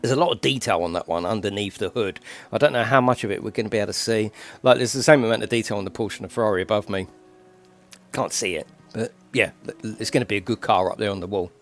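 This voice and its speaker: Faint music plays behind a gaming YouTuber who talks fast while chatting casually on a live stream from his home desk. He rambles chattily and slips into a high coo for his pet bird. A desk microphone records him.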